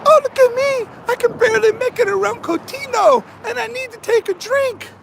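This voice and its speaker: A man mockingly voicing a whiny, feeble weakling who can barely keep walking, in a high put-on whine. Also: normal speed, creaky, over a noisy crowd. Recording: wind and traffic noise outdoors.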